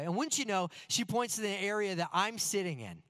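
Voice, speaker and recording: A man preaching a sermon through personal stories, in an earnest, animated and self-deprecating way. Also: sits high, fairly quick, few pauses.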